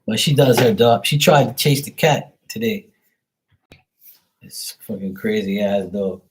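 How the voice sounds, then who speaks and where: A man's voice: lowish voice, unhurried, low-quality recording. A man hosting a livestream, rambling casually with lots of swearing and talking to his dog. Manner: loose and profane, rambling, chatting to a pet and viewers. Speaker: tarot reader livestream host. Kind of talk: casual chat.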